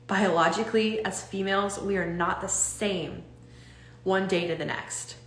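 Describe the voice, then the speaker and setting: A young woman coaching her audience on a live stream, talking in an animated, rambling way with many restarts. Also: medium pitch, unhurried, echoey room.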